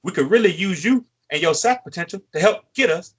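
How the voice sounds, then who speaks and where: A man's voice: high voice, expressive, brisk, hardly any pauses, slightly rough. A man co-hosting a sports fan show, lecturing a player in a repetitive, preachy way. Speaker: co-host. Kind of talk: fan sports podcast talk.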